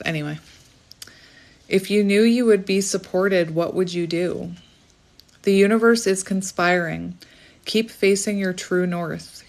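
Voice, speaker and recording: A woman on the lower side of pitch for her sex, talking through a tarot reading in a loose, chatty way. She rambles, loses her thread and laughs at herself as she goes. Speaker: tarot reader. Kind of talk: casual spiritual reading.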